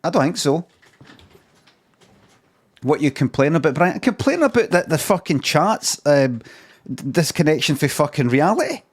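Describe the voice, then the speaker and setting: A man's voice: on the high side, big pitch swings, moderate pace, pauses often, breathy edge. A middle-aged man with a Scottish accent, ranting in a rambling improvised comic monologue full of swearing and repeated phrases. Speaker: live streamer.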